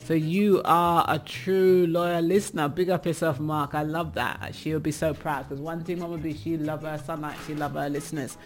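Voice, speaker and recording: Soft music sits under this low-voiced woman as she runs a casual radio chat, reading items aloud and remarking on them. She has an English accent, laughs a lot, keeps a fairly even intonation, and talks at normal speed with hardly any pauses.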